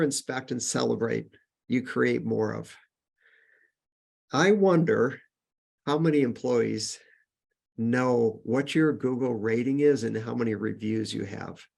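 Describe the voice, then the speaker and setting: A man leads a business webinar in a relaxed, conversational way. His mid-range voice carries a gravelly edge, and he brightens whenever he reaches a new numbered point. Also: mid-range voice. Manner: conversational, with frequent fillers and restarts, upbeat on list points. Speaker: webinar presenter. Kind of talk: casual webinar teaching.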